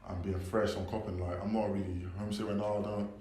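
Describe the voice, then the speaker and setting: Slangy young London man, low voice. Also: fast. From United Kingdom. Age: 20s. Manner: slangy, animated, laughs a lot. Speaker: guest. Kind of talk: casual chat. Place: campus room. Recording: echoey room with faint background noise.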